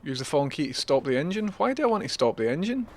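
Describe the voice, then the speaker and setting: A man's voice: on the high side, very animated, fast talker. A Scottish man chatting and swearing his way through a live gameplay stream, talking to viewers as he plays.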